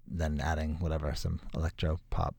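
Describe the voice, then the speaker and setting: A man talking as a musician guest in a casual interview, animated and quick to laugh, with emphatic exclamations. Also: very deep voice, vocal fry, breathy edge, no room sound, studio quality.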